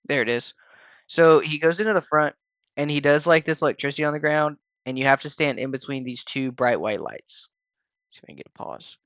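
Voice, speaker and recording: Relaxed, rambling man narrating a game walkthrough. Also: fairly high pitch, a little fast, clean tone, dry recording. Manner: relaxed and rambling, with frequent fillers and restarts. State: tired, yawning. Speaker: gaming channel host explaining a raid. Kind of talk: casual gameplay walkthrough voice-over.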